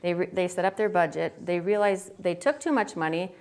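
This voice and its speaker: Animated indignant woman candidate. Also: lowish voice, brisk. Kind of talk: candidate forum answer.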